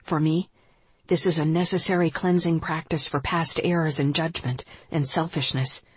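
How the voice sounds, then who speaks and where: A woman who teaches yoga, reading her spiritual nonfiction aloud in a calm, measured, reflective way. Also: low voice, breathy edge, dry recording.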